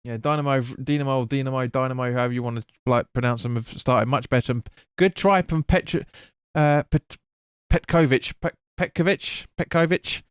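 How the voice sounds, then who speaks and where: A man talks through a live football match for his stream, loose and chatty, tripping over names and swearing now and then. His voice is smooth and clear at a middling pitch. The close microphone gives a dry sound with no room around it. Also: steady tone, brisk, few pauses, no room sound. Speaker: fan stream host. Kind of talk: live football watch-along commentary.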